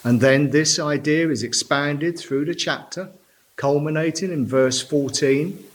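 A man preaching a sermon from a church pulpit, slow and deliberate, stressing key words. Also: on the high side.

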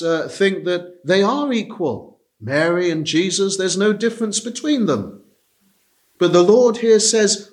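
A man preaching an expository sermon at a measured pace, pausing often on "uh" as he works through a verse. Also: fairly high pitch. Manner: measured, deliberate, with frequent "uh" pauses.

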